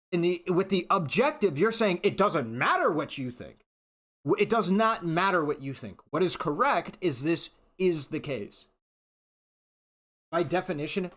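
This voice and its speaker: A man streaming live, ranting in an exasperated, profane way, often restarting his sentences. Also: high-pitched. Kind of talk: heated livestream rant.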